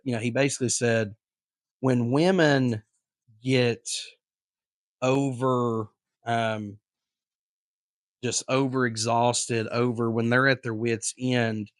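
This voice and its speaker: A man's voice: medium pitch, steady tone, slow, pauses often, dry recording, studio quality. A man co-hosting a podcast, talking in a casual, earnest way with lots of fillers and restarts. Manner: rambling, filler-heavy, earnest. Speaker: podcast co-host.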